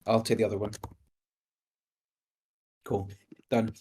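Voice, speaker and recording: A man at a tabletop game, talking through his plans out loud. His voice sits fairly low and stays casual and easygoing throughout. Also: level tone, takes it slowly, breathy edge. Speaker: player.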